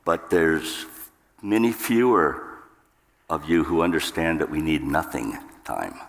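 Low-voiced male pastor, unhurried and emphatic sermon delivery, reverberant church hall. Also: expressive, gravelly. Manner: emphatic, jumps up in pitch for acted outbursts. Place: church sanctuary.

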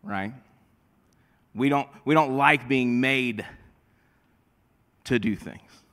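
Slow, emphatic male preacher in a reverberant hall. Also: mid-range voice, a bit bright. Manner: slow, emphatic preaching with drawn-out phrases and audience call-and-response. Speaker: pastor. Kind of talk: sermon.

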